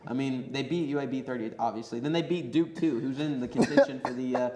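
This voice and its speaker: Excitable young man in an echoey studio. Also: mid-range voice, fast, a little hiss or hum. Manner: excitable, laughs often, rattles off stats. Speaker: sports panelist. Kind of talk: casual sports panel chat.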